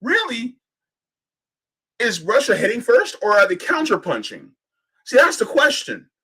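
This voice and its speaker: A man's voice: extremely high pitch, huge pitch swings, a little slow, pushed and bright, breathy edge. A man hosting a political livestream, arguing fiercely, firing off rhetorical questions and swearing now and then. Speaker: host.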